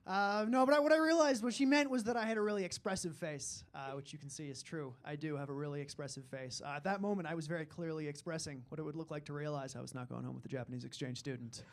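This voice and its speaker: A man's voice: fairly high pitch, fast talker, few pauses, a little hiss or hum. Self-deprecating young man doing stand-up. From Alberta, Canada. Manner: self-deprecating, rambling with frequent filler. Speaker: stand-up comedian. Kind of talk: stand-up comedy set.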